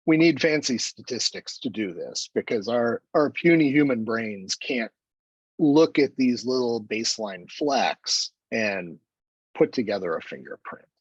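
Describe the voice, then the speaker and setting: Husky-voiced man giving a chemistry seminar. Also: on the low side, dry recording, dull audio. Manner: relaxed, conversational, with self-deprecating asides and fillers. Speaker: chemistry lecturer. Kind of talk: academic seminar talk.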